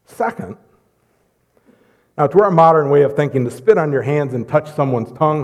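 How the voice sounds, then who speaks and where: Animated preacher in a reverberant hall. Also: male voice, on the high side, normal speed, long pauses. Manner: animated, jokey, swings between loud and hushed. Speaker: pastor. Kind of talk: sermon. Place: church sanctuary.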